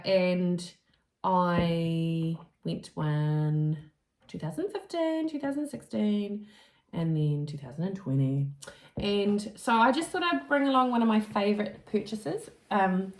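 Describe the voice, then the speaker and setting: A woman's voice: medium pitch, lively intonation, a little slow, roomy sound. A woman co-hosting a crafting podcast in casual chat, giggly and a little hesitant. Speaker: podcast co-host.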